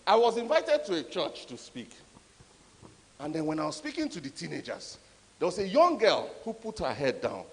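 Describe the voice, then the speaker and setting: A man giving a conference talk, an animated, emphatic storyteller. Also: a little high, moderate pace, a little hiss or hum. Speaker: conference speaker. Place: conference hall. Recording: echoey hall.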